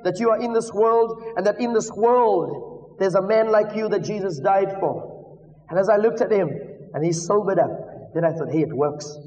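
Fervent South African preacher, high and echoing. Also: male voice, moderate pace. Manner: fervent preaching, swinging from hushed to shouted. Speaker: preacher giving testimony. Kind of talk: sermon testimony. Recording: echoey hall, distant muffled mic.

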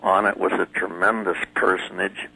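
Gravelly low-voiced man telling a dramatic story. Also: little pitch movement, moderate pace, sharp tone, poor audio. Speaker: guest recounting a near-death experience. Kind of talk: earnest testimony in an interview.

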